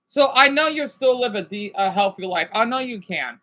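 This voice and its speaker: A man on a casual livestream, talking to his chat in a halting, rambling, sympathetic way with many restarts. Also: high voice, expressive, sharp tone, low-quality recording. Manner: sympathetic and emotional.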